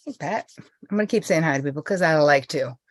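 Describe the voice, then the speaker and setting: Chatty and bubbly, a middle-aged woman from the United States welcomes her live stream viewers by name ahead of a meditation; she is a host and therapist broadcasting from indoors at home. Her low voice is expressive and brisk, recorded at studio quality with no echo.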